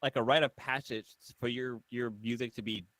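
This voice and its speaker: A man's voice: mid-range voice, fairly even intonation, moderate pace, fairly bright tone, dry recording. A man co-hosting a casual livestream chat, hesitant and full of fillers as he searches for words. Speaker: podcast co-host.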